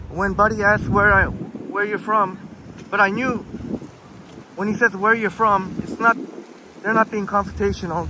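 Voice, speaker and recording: Chatty high-voiced man streaming from a busy street. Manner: chatty, reads out and answers viewer comments, laughs often. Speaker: live-streamer reading viewer chat. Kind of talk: casual walking live stream. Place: outdoors on a busy downtown city street. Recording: loud city street traffic noise.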